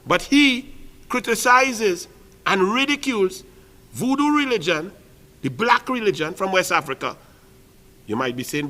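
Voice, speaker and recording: A Trinidadian man delivering fiery political commentary in a piercing, forceful voice that sits a little high. He hammers his points with repeated phrases and rhetorical questions. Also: lively intonation, unhurried, long pauses. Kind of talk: impassioned political commentary monologue.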